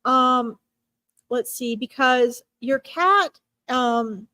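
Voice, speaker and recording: A woman giving an animal communication reading on a live stream, speaking gently and emotionally, halting often with fillers and restarts. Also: sits high.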